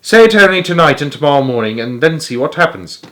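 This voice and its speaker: A shy, clever old gentleman speaks politely and softly, as a male reader puts him on. His tone is slightly raised and gentle, a children's storybook character. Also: on the high side, very animated, fast, voice pushed up. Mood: reassuring. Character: shy, gentle older man, clever and lovestruck.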